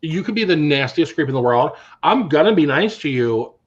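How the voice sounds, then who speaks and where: A man, a drag queen co-host, telling sassy, animated anecdotes in casual chat. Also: on the high side, moderate pace, highs cut off.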